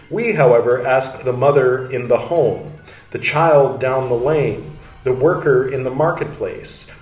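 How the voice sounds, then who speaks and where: A man's voice: medium pitch, darkish tone, recorded from a distance. A male podcast host reading a historical text aloud, speaking each "quote" and "end quote" marker, then moving into candid, chatty commentary. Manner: candid, chatty asides with fillers. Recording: roomy echo, off-mic, faint music.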